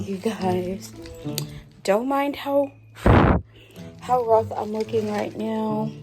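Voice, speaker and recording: A young woman vlogging casually to her viewers from her car, expressive and exasperated, calling them y'all. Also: medium pitch. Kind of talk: casual vlog talk to camera. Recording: background music under voice.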